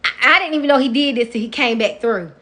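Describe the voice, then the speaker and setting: A young adult woman vlogger telling a personal story in a casual, animated way, often speaking straight to her viewers. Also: a little high, fast. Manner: emotional, animated retelling, addresses viewers directly.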